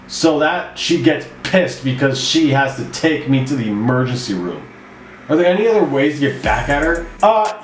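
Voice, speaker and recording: Ranting man in an echoey room. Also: mid-range voice. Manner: incredulous, ranting, sarcastic. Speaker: comedy commentator. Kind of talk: reacting to read-out questions.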